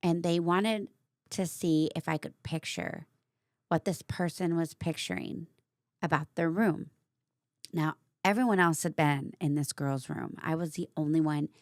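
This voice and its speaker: A woman hosting her own vlog, candidly telling a personal story in a casual, animated way. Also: low-pitched, a little slow, dry recording, studio quality. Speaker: vlogger host.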